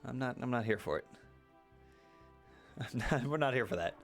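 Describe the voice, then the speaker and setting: A man's voice: mid-range voice, animated, normal speed, long pauses, faint music behind. Playful male game streamer. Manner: playful, keeps doing silly voices and asides. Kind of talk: casual let's-play commentary.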